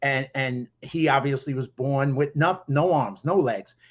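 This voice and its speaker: A man hosts a podcast interview, reflecting on what his guest shared. His voice sits at a middle pitch, and the recording sounds slightly dull and lo-fi. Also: unhurried. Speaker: podcast host. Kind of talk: casual interview conversation.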